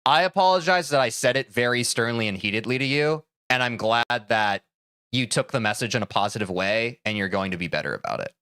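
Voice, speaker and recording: A young man streaming live, heated and swearing as he talks to his chat about boundaries, then calming into careful apologies. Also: medium pitch, fairly quick, clear, resonant tone, no room sound, clean studio sound. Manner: heated, swears a lot, switches to calm apologies.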